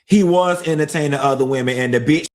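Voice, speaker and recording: Brief: man, fairly high voice, blunt conspiratorial gossip teller. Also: quick pace. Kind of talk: gossip storytelling.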